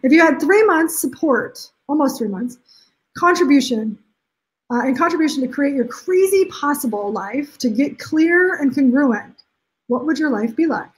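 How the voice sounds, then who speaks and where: A woman's voice: sits high, lively intonation, normal speed, low-quality recording. A woman coaching her viewers on a live stream, upbeat and emphatic, acting out the things people say. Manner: upbeat and emphatic, acts out quotes. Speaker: life coach.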